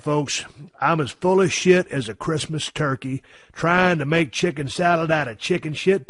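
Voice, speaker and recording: A man's voice: on the high side, no room sound, clean studio sound. Rowdy man telling a tall tale. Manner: profane, rowdy, drawling. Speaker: podcast host. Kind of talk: comic tall-tale monologue.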